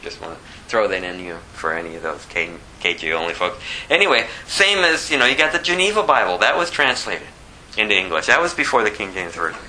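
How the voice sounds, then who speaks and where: A man's voice: on the low side, lively intonation, a little fast, bright, forceful tone, a little hiss or hum, low-quality recording. A man giving an informal sermon as a Bible teacher, emphatic and conversational, repeating phrases for effect. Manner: conversational with asides.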